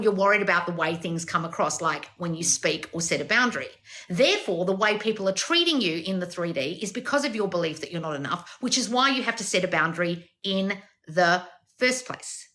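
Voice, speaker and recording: Brash, bright-voiced woman coach. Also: mid-range voice. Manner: brash, swearing, lecturing. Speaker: manifestation coach. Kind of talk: blunt advice monologue.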